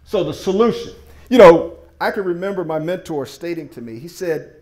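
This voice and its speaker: A fairly high-pitched man pitches to a room with a lively, swooping delivery. He is emphatic and folksy, and his voice bounces around an echoey meeting room. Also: moderate pace. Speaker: presenter. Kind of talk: sales presentation with slides.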